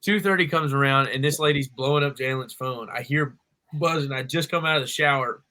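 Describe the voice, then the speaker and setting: Bright-voiced young man telling a story. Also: medium pitch, a little fast, poor audio. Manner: animated storyteller, acts out quoted voices. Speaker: podcast co-host. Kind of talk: casual storytelling chat.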